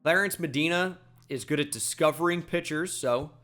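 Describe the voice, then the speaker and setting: A man's voice: on the high side, moderate pace, fairly bright tone, faint music behind. A young man casually commenting on his own baseball video game, calling plays and erupting on big moments. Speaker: gaming commentator.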